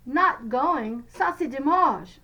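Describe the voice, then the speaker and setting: Lady doing wicked stepmom, sly and slow, high-ish voice. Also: lively intonation, pushed and bright, muffled recording, heavily acted. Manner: sly, mock-sympathetic.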